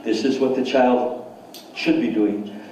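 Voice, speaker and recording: In an echoey seminar hall, a man speaks far from the microphone as he lectures an audience with enthusiasm, repeating words and posing questions to them. He talks slowly, in a medium pitch, with a steady and somewhat dark tone. Slight background noise can be heard.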